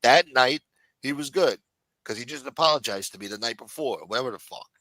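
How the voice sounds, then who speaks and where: A male livestream host talking in a blunt, exasperated, profane way. His voice sits at an ordinary middle pitch. The sound is dry and close, with little room around it. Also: fairly quick, sharp tone, no echo, low-quality recording. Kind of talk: casual livestream chat.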